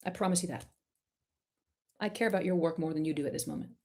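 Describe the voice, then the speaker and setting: A woman's voice: on the low side, fast talker. Impassioned woman coaching artists live. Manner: emphatic, impassioned, direct; warmly encouraging to the questioner. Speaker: art coach and live-stream host.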